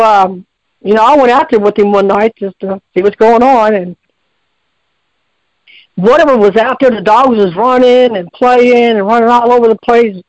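A man's voice: very high voice, no echo, muffled recording. A man calling in to a radio show, telling a long story in a rambling, folksy way with many restarts. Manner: folksy, repetitive, lots of restarts.

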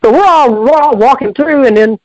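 A woman's voice: high voice, moderate pace, no room sound, highs cut off. Rambling woman on a call-in line. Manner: rambling, colloquial, with many restarts. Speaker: caller. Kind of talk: call-in storytelling.

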